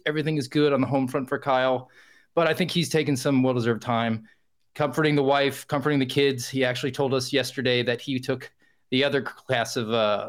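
A man filling in as podcast host, talking in a chatty, self-deprecating way with frequent fillers. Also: mid-range voice. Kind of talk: casual podcast monologue.

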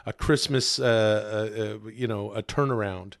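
A man co-hosting a podcast in casual chat, excitable and rambling, with many fillers and frequent swearing. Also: fairly low pitch, a little slow, creaky. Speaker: podcast co-host.

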